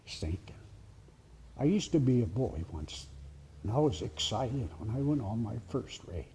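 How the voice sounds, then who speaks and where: A man telling a story live at a heritage center presentation, with dramatic pauses and drops to a whisper for suspense. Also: medium pitch, lively intonation, dark tone, a little hiss or hum.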